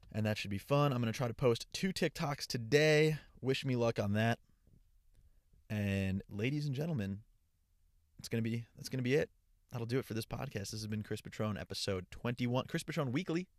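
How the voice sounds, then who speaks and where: Casting: young male solo podcaster, gravelly and low, dry close sound, loose rambling delivery. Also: no echo. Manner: rambling, stream of consciousness. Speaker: podcast host. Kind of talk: casual solo podcast monologue. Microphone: portable travel mic.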